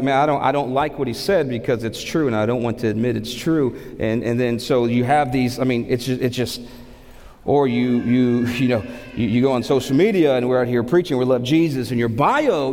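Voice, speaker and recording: A man preaching a sermon as pastor, animated, asking rhetorical questions and repeating words for emphasis. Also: mid-range voice. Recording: long hall reverb.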